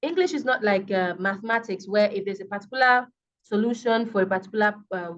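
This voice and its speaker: Speaking a little fast in a fairly bright, mid-range voice, a woman with a Nigerian accent teaches English online. Her lecture patiently repeats words for stress and is peppered with fillers and checks of "okay," heard through dull lo-fi video call audio.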